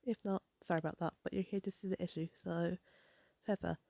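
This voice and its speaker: A woman's voice: lowish voice, fairly even intonation, fairly quick, gravelly, mellow, no echo. A woman hosting a casual, rambling comic recap, apologetic at times. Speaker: comic reviewer. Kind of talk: casual chat.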